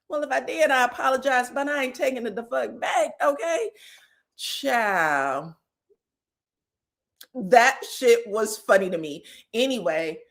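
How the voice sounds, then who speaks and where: A woman hosting a casual reality TV recap, animated and profane, acting out quotes with loud outbursts and laughter. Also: mid-range voice.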